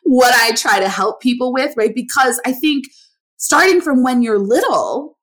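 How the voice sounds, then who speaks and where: A woman's voice: sits high, animated, a little slow, a bit bright. A woman hosting a podcast, talking in an earnest, emphatic, conversational way and often tagging her points with "right?". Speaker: podcast host. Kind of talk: casual conversational interview.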